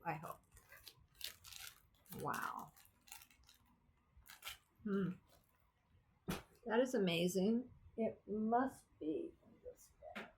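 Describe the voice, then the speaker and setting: A woman's voice: mid-range voice, gravelly, a little hiss or hum. A woman vlogger chatting casually about her cross stitch projects, rambling and thinking aloud as she goes. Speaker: craft vlogger. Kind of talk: casual chat.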